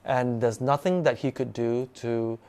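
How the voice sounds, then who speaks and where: A man recounts an eerie experience in a relaxed, conversational way. He talks with lively animation and often repeats words as he builds the tale. His voice sits at a middle pitch. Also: measured pace, clean tone. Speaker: guest storyteller. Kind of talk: casual spoken ghost story.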